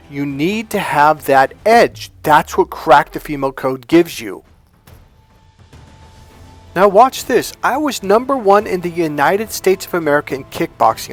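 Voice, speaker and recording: A man with a somewhat high voice gives a dating-coach monologue, full of swearing and punchy emphasis. He tells stories in a brash, insistent way. Soft music runs faintly in the background. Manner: profane, emphatic storytelling. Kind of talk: motivational monologue.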